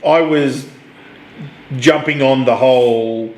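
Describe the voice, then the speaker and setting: A man with an Australian accent co-hosting a casual pop culture chat, cutting in with quick remarks and frequent restarts. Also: mid-range voice, darkish tone. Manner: quick interjections, restarts often. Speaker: co-host. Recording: echoey room.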